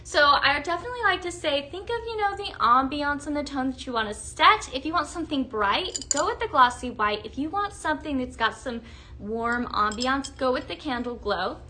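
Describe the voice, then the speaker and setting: Upbeat young woman presenter, high bright voice, live product demo, faint noise behind. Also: animated, normal speed. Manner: upbeat, gushing, chatty with viewers. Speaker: home fragrance product presenter. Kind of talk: live sales demonstration.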